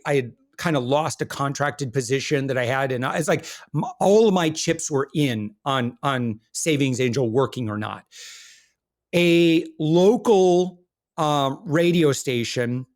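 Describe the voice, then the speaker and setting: A middle-aged man telling his business story as a podcast guest, candid and self-deprecating, with many fillers and restarts. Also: medium pitch. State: briefly choked up. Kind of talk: conversational interview storytelling.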